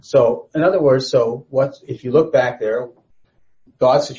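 A man's voice: fairly high pitch, brisk, mellow. A man teaching a Bible study in a conversational, rambling way, often restarting his sentences. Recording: slightly dull lo-fi recording.

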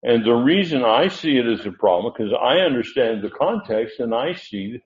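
A man's voice: medium pitch, animated, normal speed. A man giving informal Bible teaching, rambling and correcting himself as he thinks aloud. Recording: echoey, dull lo-fi room recording.

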